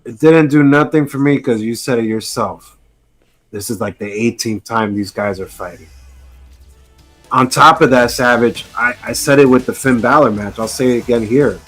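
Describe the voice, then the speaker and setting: A man's voice: medium pitch, normal speed, a bit bright, soft background music. A man co-hosting a casual wrestling podcast, giving blunt, heated, profane opinions. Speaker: podcast co-host.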